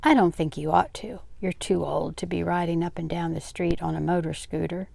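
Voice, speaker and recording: Grandma reading a tired moody teen girl, low and a little gravelly. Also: brisk, dry recording. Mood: weary. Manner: flat, tired. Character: weary sulky teenage girl.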